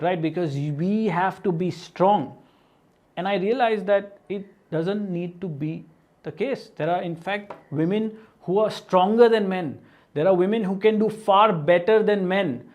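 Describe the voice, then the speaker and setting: A man with a fairly high voice talks straight to his viewers in an earnest self-help talk. He asks questions as he goes and fills his speech with "right?" and "you know". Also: measured pace, a little mellow. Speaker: motivational video host.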